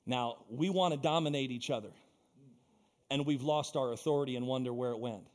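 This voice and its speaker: A man's voice: mid-range voice, a little fast. A male pastor preaching a sermon in a church, building into fervent, repetitive exhortation.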